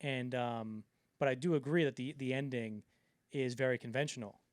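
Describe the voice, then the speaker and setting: A man's voice: medium pitch, normal speed, dry recording. A man co-hosting a film podcast in casual chat, rambling with lots of fillers and acting out the quotes he retells. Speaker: podcast co-host.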